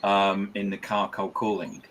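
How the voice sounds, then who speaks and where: A man hosting an interview podcast, talking casually with a lot of halting restarts and fillers. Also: low-pitched, flat delivery, a bit bright. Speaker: podcast host.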